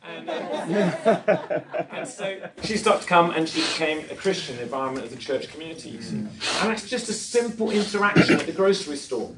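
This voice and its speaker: His voice sits on the high side, with lively intonation and a slightly fast delivery, echoing around the room. As a conference speaker preaching live, he pokes fun at himself through stories and quizzes the audience, all captured by a far-off mic with a little background noise.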